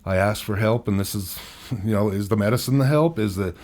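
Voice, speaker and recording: A man's voice: lowish voice, brisk, darkish tone. A man in his fifties, a podcast guest, candidly telling his life story in a rambling way and laughing at himself. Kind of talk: personal storytelling interview.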